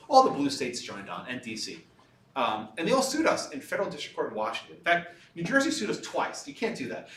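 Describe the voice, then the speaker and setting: Lively man telling a story in an echoey room. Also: mid-range voice, far from the mic, slight background noise. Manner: lively anecdotal telling, laughs at own story. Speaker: lawyer giving a talk. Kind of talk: storytelling lecture. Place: lecture room.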